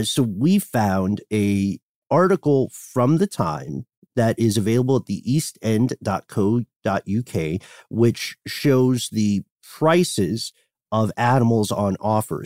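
A man's voice: fairly low pitch, darkish tone, no room sound, studio quality. A man co-hosting a history podcast, telling the story in a playful, joking way. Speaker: podcast co-host. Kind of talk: casual history podcast chat.

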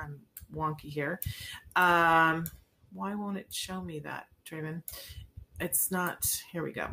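Woman, live-stream host, direct emphatic coaching, rhetorical questions, animated, mid-range voice. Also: medium pitch. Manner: animated, acts out little scenes with a child. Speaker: host answering viewer questions on child therapy.

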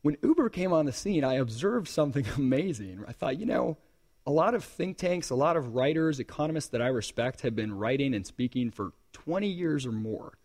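A man giving a live conference talk in a hall, animated and joking with the audience between points. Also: mid-range voice. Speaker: conference speaker.

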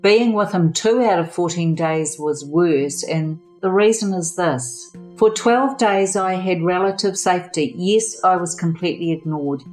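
Older New woman, low and earnest, measured personal testimony over faint music. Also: darkish tone, poor audio. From New Zealand. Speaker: former therapist sharing her story.

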